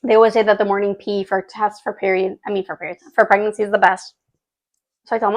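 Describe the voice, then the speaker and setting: A woman's voice: medium pitch, flat delivery, fast. A woman in her thirties hosting a podcast, telling a personal story in a chatty, emotional way, with lots of fillers. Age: 30s. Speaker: podcast host.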